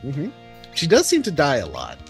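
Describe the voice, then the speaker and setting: A man's voice: fairly high pitch, wildly swooping pitch, moderate pace, vocal fry, soft background music. A man from Vancouver co-hosting a casual game stream, chiming in with dry, brief quips. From Vancouver, Canada. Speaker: stream co-host.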